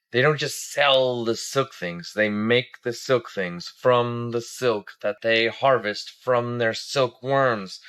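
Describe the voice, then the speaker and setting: A man's voice: mid-range voice, a bit bright, clean tone. A man giving a casual travel review as a family vlogger, rambling with lots of fillers.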